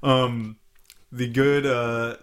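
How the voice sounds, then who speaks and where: A man's voice: mid-range voice, level tone, extremely slow. A man co-hosting a podcast with a loose, rambling way of talking. He swears casually and drifts between thoughts in easygoing chat. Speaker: podcast co-host.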